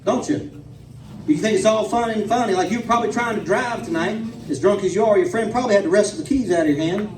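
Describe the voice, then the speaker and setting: A comedian putting on a preachy, indignant male cop, his lecture rattling on at a high pitch. Heard live in an echoey pub from a distant mic. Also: fast, background noise, close to an everyday voice. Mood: lecturing. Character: stern lecturing male police officer.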